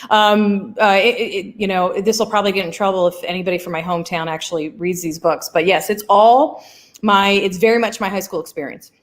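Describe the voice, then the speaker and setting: A woman author being interviewed over a video call, telling stories about her school days with quick laughs and self-deprecating asides. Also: medium pitch, steady tone. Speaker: guest author. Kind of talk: casual video chat interview.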